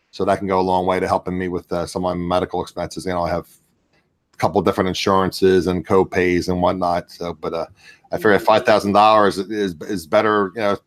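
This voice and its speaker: Man, Philadelphia accent, lower voice, rambling reseller on a video call. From Southern New Jersey. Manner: rambling, with many fillers and restarts. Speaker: guest reseller. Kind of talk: casual video call chat.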